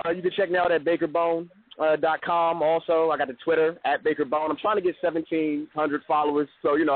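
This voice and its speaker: Joking comedian man, higher voice. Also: no room sound. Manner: loose, joking. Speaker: comedian guest. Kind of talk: casual podcast chat. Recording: phone-like narrow sound.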